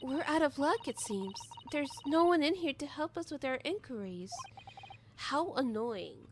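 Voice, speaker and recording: A woman's voice: high-pitched, lively intonation, a little slow, a little hiss or hum. A young woman streaming a game playthrough, reading the dialogue aloud and breaking off for sarcastic, swearing asides. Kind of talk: game playthrough with commentary, reading all roles.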